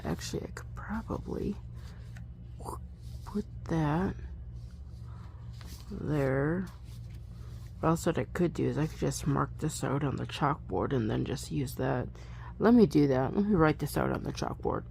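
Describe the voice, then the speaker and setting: A woman casually practicing a recitation at home, thinking aloud, correcting herself and murmuring soft asides. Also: deep voice, animated, unhurried, vocal fry, long pauses, slight background noise. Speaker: Latin learner recording her practice. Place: bedroom at home.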